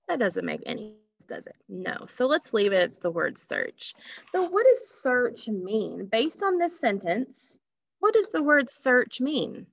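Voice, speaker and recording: A woman's voice: a little high, wildly swooping pitch, unhurried, gravelly, dry recording. A woman teaching a phonics lesson to children, patiently stretching out sounds and asking questions. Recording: dull lo-fi recording.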